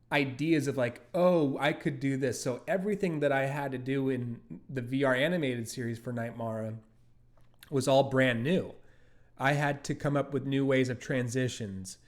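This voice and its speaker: A man, the creator of an animated series, talking casually as an interview guest and rambling with many fillers and restarts. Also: mid-range voice, moderate pace.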